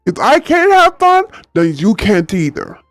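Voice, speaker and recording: A man voicing a bossy, fed-up teenage girl who shouts at her brothers. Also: high voice, huge pitch swings, unhurried, no room sound, studio quality, faint music behind, voice pushed up, full character voice. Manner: shouting, impatient.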